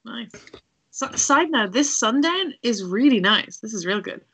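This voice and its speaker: Woman player, bright tense voice, casual chatty talk, lots of fillers. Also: on the high side, lively intonation, unhurried, slightly rough. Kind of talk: casual tabletop chat.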